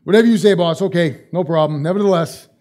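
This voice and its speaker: A man's voice: high voice, quick pace, mellow, natural voice. A man doing a sarcastic weary fisherman. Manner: smarmy, dismissive.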